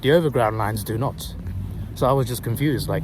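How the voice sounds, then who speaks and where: A young man vlogs into his phone while out on a city street. He tells a story at a steady pitch, rambling, doubling back and correcting himself as he goes. Clear traffic and street noise carry on behind him. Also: a little fast. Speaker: vlogger. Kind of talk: casual chat. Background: passing cars and urban street noise.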